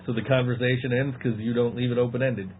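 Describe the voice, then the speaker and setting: A man's voice: medium pitch, fairly even intonation, fast. A man from Western New York co-hosting a casual podcast, teasing his friend and laughing often. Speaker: podcast co-host. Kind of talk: casual banter. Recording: phone-like audio with faint noise.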